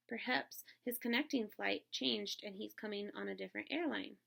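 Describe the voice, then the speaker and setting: A woman teacher reading a novel aloud to her students in a steady storytelling voice. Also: medium pitch, moderate pace, gravelly, few pauses. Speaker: elementary school teacher.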